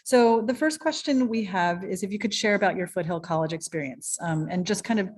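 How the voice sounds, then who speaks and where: A woman's voice: medium pitch, brisk, darkish tone. A woman moderating an online panel over a video call, chatty with many ums and restarts.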